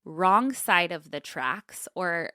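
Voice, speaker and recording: A woman co-hosts a casual comedy podcast, leading a history segment with a chatty, bubbly delivery. Her voice rises and falls in lively swings, and the sound is close and dry with no room echo. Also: lowish voice, takes it slowly. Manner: bubbly storytelling with frequent laughs. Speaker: podcast co-host.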